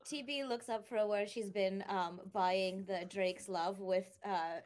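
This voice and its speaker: A woman's voice: medium pitch, fairly even intonation, slow pace, darkish tone. A woman player in an online tabletop game who describes her character playfully and drops in French words as a joke. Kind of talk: casual tabletop play online.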